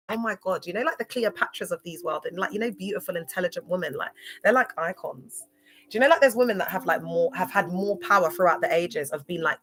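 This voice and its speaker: A woman's voice: lowish voice, fairly bright tone. A young woman chatting casually to viewers on a livestream, laughing often. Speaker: livestream host.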